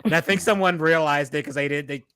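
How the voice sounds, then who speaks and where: A man co-hosting a casual podcast, swearing freely and telling quick anecdotes. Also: a little high, bright, forceful tone, smooth, no room sound, clean studio sound. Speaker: podcast co-host. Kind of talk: casual chat.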